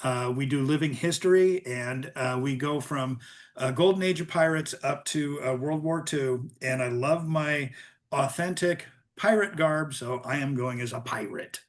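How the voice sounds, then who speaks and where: A man's voice: mid-range voice, a little slow. An older man, an author guest, talking casually in a webinar with plenty of ums and restarts. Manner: chatty, many ums and restarts. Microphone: video call.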